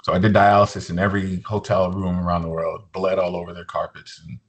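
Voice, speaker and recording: A man in his forties, a podcast guest, telling his story in a relaxed, joking way, full of "you know" and easy fillers. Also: low voice, quick pace. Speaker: podcast guest, musician and motivational speaker. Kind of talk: casual storytelling interview.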